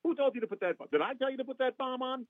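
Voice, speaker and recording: A man's voice: very high-pitched, racing, no echo, narrow, tinny audio, pitched above the performer's own voice. A man imitating an indignant, flamboyant male trial lawyer, theatrical and overemphatic. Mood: scolding.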